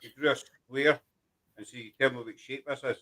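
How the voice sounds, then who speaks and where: A man hosting a chat show, explaining things in a rambling, halting way. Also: mid-range voice, steady tone, bright, forceful tone. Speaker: host. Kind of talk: casual chat.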